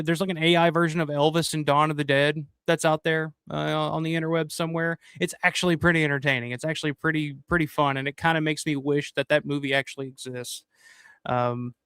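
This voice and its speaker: A man's voice: fairly high pitch, a bit bright, smooth, no room sound, clean studio sound. A middle-aged man hosting a live stream, chatting loosely and profanely while thanking viewers by name. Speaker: livestream host. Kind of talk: casual live-stream chat.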